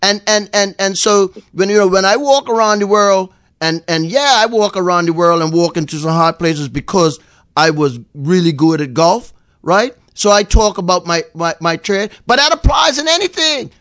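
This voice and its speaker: High, rambling man on talk radio. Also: normal speed, no echo, clean studio sound. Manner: rambling, repeats words, animated storytelling. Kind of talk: casual radio chat.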